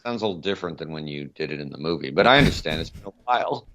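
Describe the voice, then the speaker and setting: A man's voice: a bass voice, animated, very fast, fairly bright tone. A man co-hosting a casual film podcast, enthusiastic and rambling as he recalls scenes. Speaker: podcast co-host.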